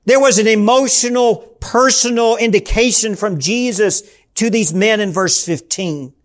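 A man preaching a Bible teaching sermon, slow and emphatic, repeating the key question with dramatic pauses. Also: high-pitched.

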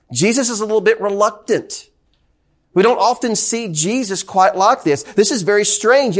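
A man with a Southern US accent, a pastor preaching a sermon in a church, talking conversationally and repeating questions to the congregation. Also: high-pitched. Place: church sanctuary.

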